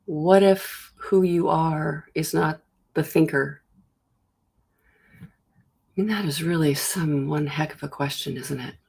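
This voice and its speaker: A host giving a slow, searching reflective monologue, pausing often and acting out inner thoughts as quoted asides. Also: mid-range voice, creaky, slightly rough. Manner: slow, searching delivery with long pauses and soft trailing phrases. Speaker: host of a self-inquiry show.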